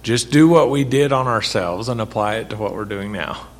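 A man's voice: lowish voice, normal speed. A man leading a Bible study, talking conversationally, asking the group questions and repeating his points for emphasis. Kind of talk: interactive sermon teaching.

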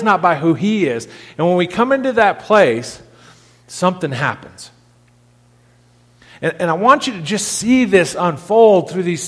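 A male pastor with a high voice delivers a sermon to his congregation. He talks plainly and stumbles over repeated words, then swells when reading scripture aloud. His voice rings with the long reverb of a big hall.

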